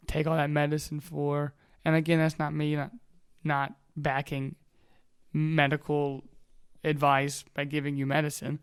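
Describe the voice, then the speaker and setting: A young man in his twenties talks in a loose, candid motivational monologue, drifting from thought to thought and swearing freely. His voice is smooth and clear and sits a little high for a man. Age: 20s. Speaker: vlogger.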